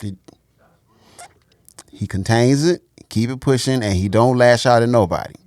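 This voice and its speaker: A man's voice: mid-range voice, normal speed, darkish tone, no echo, studio quality. A young man co-hosting a casual chat show, joking and teasing playfully. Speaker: podcast co-host.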